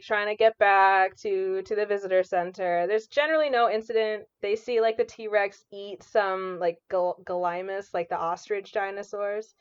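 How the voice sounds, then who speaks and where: A woman co-hosting a podcast casually recaps a movie, chatting with lots of fillers and acting out quoted lines. Her voice is fairly high and smooth, and the recording is dry and lo-fi.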